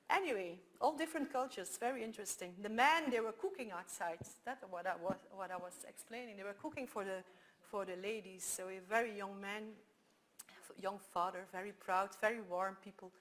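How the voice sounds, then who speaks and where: A woman with a Flemish accent, whose first language is Dutch, giving a conference talk full of lively anecdotes and frequent restarts. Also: medium pitch, brisk, a little hiss or hum. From Belgium. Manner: animated storytelling with frequent restarts. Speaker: speaker.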